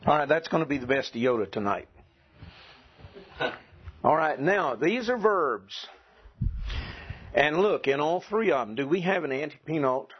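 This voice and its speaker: Southern male teacher, slow, husky voice, dull lo-fi classroom tape. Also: a little high, big pitch swings, slight background noise. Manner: slow, deliberate, drills pronunciation. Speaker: Greek teacher. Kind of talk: classroom lecture.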